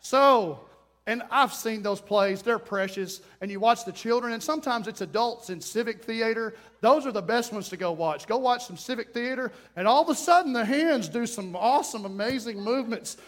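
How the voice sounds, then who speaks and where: A man preaching a sermon, animated, acting out little scenes and voices. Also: very high voice, moderate pace. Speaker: pastor.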